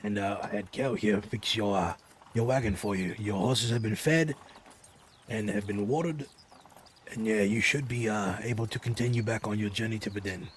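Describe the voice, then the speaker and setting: A boastful paladin knight, as a player puts him on, introducing himself with formal, pompous flourishes. The voice sits low for a man, and the role-play is improvised at a gaming table. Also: normal speed, slight background noise, close to an everyday voice. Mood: reassuring.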